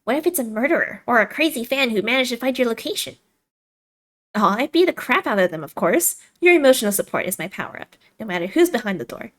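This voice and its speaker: A woman's voice: fairly high pitch, big pitch swings, quick pace, a bit bright. A woman voicing a fierce, protective young woman coworker as she reads a visual novel aloud, talking in a hostile, scornful, confrontational way. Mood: playful.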